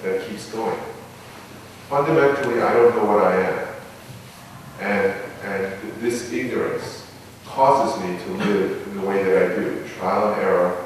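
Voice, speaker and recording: A male Buddhist monk with a slightly low voice gives a dharma talk, teaching meditation in a measured, reflective way with frequent pauses. He is picked up from far off in a temple hall, so his voice rings with a strong, long echo over faint room ambience. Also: darkish tone, slight background noise. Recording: echoey hall, mic far off.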